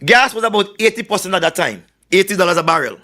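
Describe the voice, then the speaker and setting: Boastful high-voiced Trinidadian man at a rally. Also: expressive, fast. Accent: Trinidad and Tobago. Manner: boastful, forceful storyteller. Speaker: political candidate. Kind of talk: political rally speech.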